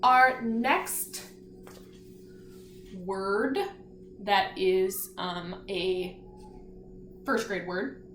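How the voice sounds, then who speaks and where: A woman's voice: mid-range voice, fairly even intonation, extremely slow, pauses often, a bit bright, a little hiss or hum. A woman teaching a spelling lesson to young children, patient and encouraging, sounding words out letter by letter. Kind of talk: slow, clear remote spelling lesson for children. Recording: echoey room.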